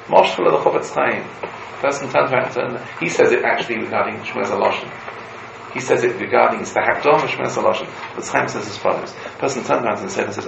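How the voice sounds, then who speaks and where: A man, a rabbi, giving a Torah lecture to students, telling stories in an animated way and weaving Hebrew quotes into his explanation. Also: medium pitch, fast talker, creaky. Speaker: rabbi teaching a class. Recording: roomy room with background noise.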